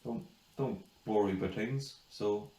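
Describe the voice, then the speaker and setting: A man's voice: lowish voice, unhurried, dark tone. A young man co-hosting a podcast, laid-back and sweary in casual chat. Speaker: podcast co-host. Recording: roomy, distant mic.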